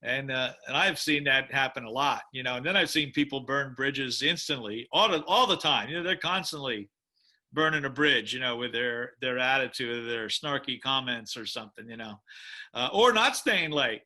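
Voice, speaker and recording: Animated storytelling man with a bright voice. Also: mid-range voice, normal speed. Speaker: musician and drummer. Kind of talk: storytelling interview.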